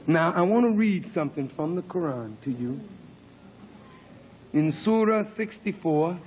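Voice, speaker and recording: High-voiced man preaching slowly. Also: animated, a little mellow, muffled recording, slight background noise. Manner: dramatic preaching, mock-crooning quoted lovers. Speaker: minister. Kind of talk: sermon. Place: church hall.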